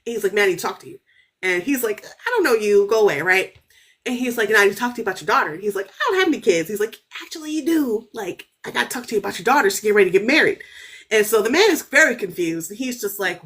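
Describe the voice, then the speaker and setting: A woman in her thirties telling a story on a podcast in a casual, animated way, full of "like" and "right?", her voice jumping up when she gets excited. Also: mid-range voice, fast, slightly rough. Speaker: author guest.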